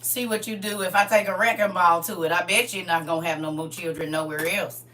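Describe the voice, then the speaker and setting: Boisterous middle aged lady on her livestream, laughs a lot, bright sharp voice, kinda distant from the mic. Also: fairly low pitch, steady tone, brisk, slight background noise. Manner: playful and boisterous, laughs often. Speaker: livestream host. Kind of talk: casual livestream chat. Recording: voice from away from the mic.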